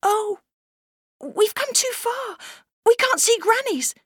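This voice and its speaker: A woman's voice: sing-song, normal speed, no echo, studio quality. A woman voicing a bossy little girl. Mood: anxious. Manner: bright high girlish voice. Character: bold bossy young girl, fair-minded.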